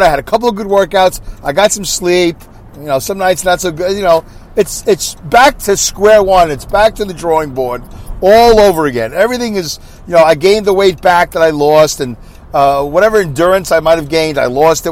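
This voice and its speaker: A man hosting his own podcast while driving, chatting in a rambling, self-mocking way full of asides. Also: on the high side. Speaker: podcast host. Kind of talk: rambling solo podcast chat. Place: inside a moving vehicle.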